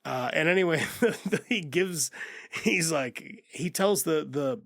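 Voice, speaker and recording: A man's voice: fairly high pitch, slow pace, fairly bright tone, no echo. A man co-hosting a movie podcast, recapping the plot in a loose, profane, rambling way and acting out the characters' lines. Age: adult with a child. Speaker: podcast co-host. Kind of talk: casual movie recap chat.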